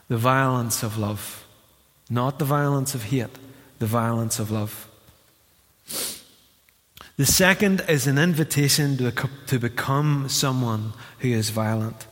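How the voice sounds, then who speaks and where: A man delivers a sermon from the pulpit, animated and quick to act out voices as he tells his stories. His voice is bright and forceful. It rings with the long reverb of a church hall. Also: medium pitch. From Northern Ireland. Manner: animated storyteller, acts out voices. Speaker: pastor.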